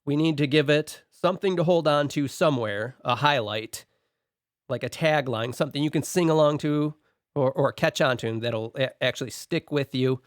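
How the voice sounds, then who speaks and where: A man's voice: on the high side, normal speed, no echo, studio quality. Man methodically going through his notes. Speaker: podcast co-host and song producer. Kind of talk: casual podcast discussion.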